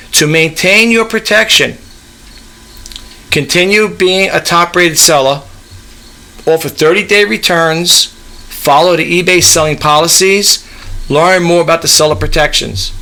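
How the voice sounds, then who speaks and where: Gravelly rambling man reading out a website. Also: on the high side, pushed and bright. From New York, US East Coast. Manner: rambling, repeats "okay?" and "you know". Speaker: eBay reseller vlogger. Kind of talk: casual screen-share walkthrough.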